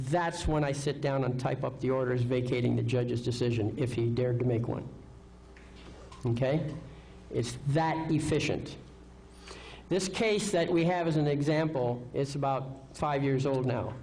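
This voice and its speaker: A man's voice: medium pitch, mellow, low-quality recording. A man giving a live seminar lecture, confident, asking rhetorical questions and checking in with "okay?". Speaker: seminar speaker.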